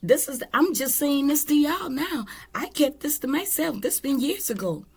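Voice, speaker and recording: A woman's voice: high voice, expressive, normal speed, creaky. A woman tarot reader giving a casual spiritual monologue, blunt and candid, with swearing.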